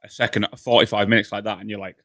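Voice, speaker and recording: A man's voice: fairly low pitch, rapid-fire, no room sound. Young guy gushing about football, keeps saying mate, dry close mic. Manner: excitable, repeats himself, says mate. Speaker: podcast co-host. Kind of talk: casual chat.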